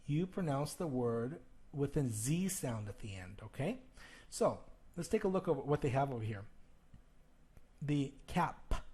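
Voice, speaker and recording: In a video lesson on plural sounds, a male teacher speaks right to the viewer, asking "okay?" and exaggerating the sounds he demonstrates. His mid-range voice is expressive and a little mellow, with a breathy edge and a measured pace. He records while flipping through a textbook.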